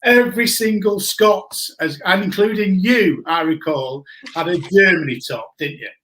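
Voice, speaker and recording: Lively high-voiced Englishman in his forties. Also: normal speed. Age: 40s. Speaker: guest. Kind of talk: casual storytelling chat.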